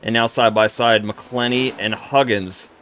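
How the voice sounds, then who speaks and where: A man giving live commentary on a sim racing broadcast, excitable and quick to exclaim at close racing. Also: mid-range voice, slight background noise.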